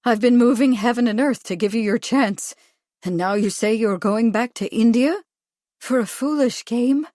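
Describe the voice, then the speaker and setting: A woman's voice: on the high side, moderate pace, dark tone, no room sound, close to an everyday voice. Woman voicing a weary middle-aged mother, stiff, tired, storybook. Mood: startled.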